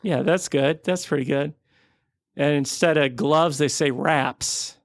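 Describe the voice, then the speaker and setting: Brief: gravelly, slightly high deadpan co-host, dry close mic. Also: male voice, slow pace, no room sound. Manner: deadpan, goofy bits of mock-British voices. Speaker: podcast co-host. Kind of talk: casual comedic chat.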